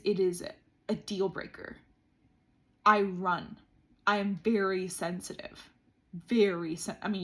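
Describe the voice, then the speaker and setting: Earnest woman in a diary vlog. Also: mid-range voice. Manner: earnest, frequent "like" fillers. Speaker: vlogger. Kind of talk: reflective diary monologue. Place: indoors, seated on the floor.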